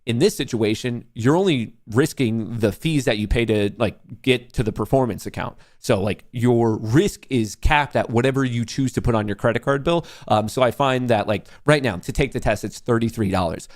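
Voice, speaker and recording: A man hosting a live trading stream, excitable and profane, cheering his trades on, boasting, then plainly explaining a sponsor's service. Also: mid-range voice, moderate pace, few pauses. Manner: brash and boastful. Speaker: livestream host, day trader.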